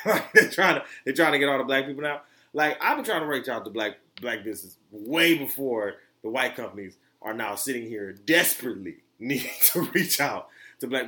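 A man from the United States hosting a casual solo podcast. He rambles with many fillers and restarts, and his voice jumps high when he gets excited. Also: normal speed. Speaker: podcast host.

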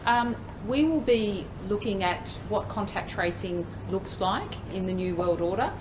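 A self-satisfied Australian bureaucrat stretches every word slowly, as a man puts on a mocking accent. A faint hum of noise sits behind him. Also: high voice, expressive. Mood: smug. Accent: mock Australian. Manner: slow, mocking, drawn out.

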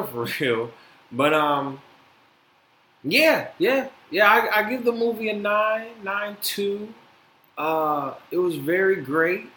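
Male podcast host, casual and animated, swears a lot; slightly high voice, echoey room. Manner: animated, swears freely, many fillers. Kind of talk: casual solo podcast chat. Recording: echoey room, faint noise.

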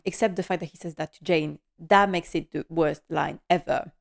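A woman hosting a podcast, giving an animated and emotional episode recap with nervous laughter. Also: low voice, moderate pace, creaky. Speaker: podcast host.

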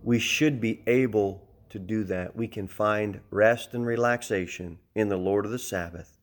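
A middle-aged man giving a sermon as pastor, animated, shifting between loud emphasis and soft, calm talk. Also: fairly low pitch, measured pace.

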